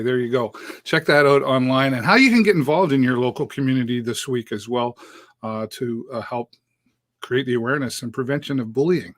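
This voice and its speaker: A man's voice: mid-range voice, no room sound. A middle-aged man from Canada hosting a live show, talking casually and upbeat with many fillers. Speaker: host.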